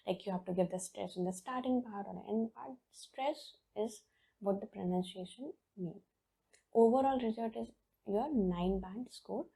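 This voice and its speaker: Woman, exam-prep teacher, patient step-by-step explaining, husky voice, very dark mellow tone. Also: mid-range voice, rough recording. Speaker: IELTS teacher. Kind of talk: explaining a slide lesson.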